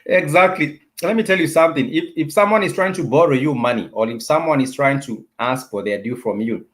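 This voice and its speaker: A man hosting an online language class, chatting casually with viewers in a halting way, restarting his sentences often. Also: mid-range voice. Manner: hesitant, halting speech with many restarts.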